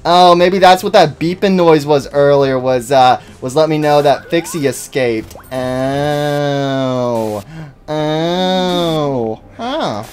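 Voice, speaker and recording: A young man hosting a horror game let's-play, rambling and jittery, who bursts into high-pitched panicked yelling. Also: slow. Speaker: gaming channel host.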